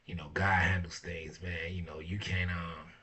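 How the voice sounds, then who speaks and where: Guy rambling casually, real low voice, kinda far off the mic. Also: level tone, normal speed, bright, forceful tone. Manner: laid-back, fillers like "you know what I'm saying", swearing. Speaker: podcast host. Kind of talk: casual monologue.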